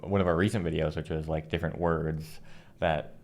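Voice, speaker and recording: A man's voice: very deep voice, steady tone, a little fast, a little mellow. An American man co-hosting a reaction video, chatting in a laid-back, agreeable way. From United States. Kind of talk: casual reaction chat.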